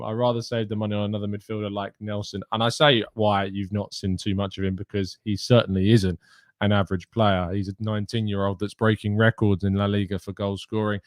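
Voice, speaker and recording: A man's voice: lowish voice, dry recording, studio quality. A man hosting a live show, chatting casually, reading out and answering viewers' questions. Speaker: host. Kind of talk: casual chat.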